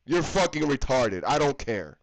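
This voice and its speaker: A man's voice: medium pitch, very animated, normal speed, low-quality recording. A man from the United States giving a heated, profane hockey fan rant that is full of swearing and repetition. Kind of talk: profane ranting commentary.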